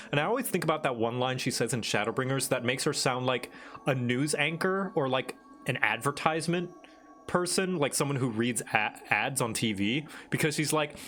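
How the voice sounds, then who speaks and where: A man's voice: mid-range voice, fairly bright tone, a little hiss or hum. Chatty, jokey young male streamer. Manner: chatty, jokey, quick asides with many fillers. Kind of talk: casual live gaming commentary.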